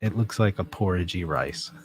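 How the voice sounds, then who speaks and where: A man hosting a livestream, reading out viewer comments in relaxed, self-mocking chat and laughing often. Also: deep voice, slight background noise. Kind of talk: casual chat.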